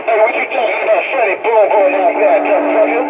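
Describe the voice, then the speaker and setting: High sing-song man on tinny radio. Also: very noisy. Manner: sing-song, drawn-out chanting. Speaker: CB radio talker. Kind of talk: rhyming radio banter. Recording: tinny radio with loud music.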